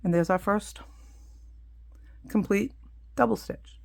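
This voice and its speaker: A woman's voice: medium pitch, takes it slowly, creaky. A middle-aged woman casually demonstrating a craft, chatty and full of asides as she works. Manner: chatty, explains hands-on with many asides. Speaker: craft teacher.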